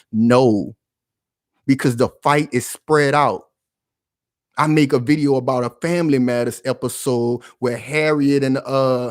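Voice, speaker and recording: Male vlog host, heated and confrontational, talks loud, dry close recording. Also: medium pitch, dry recording. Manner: rhetorical questions, slangy. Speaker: commentary channel host. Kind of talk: heated commentary.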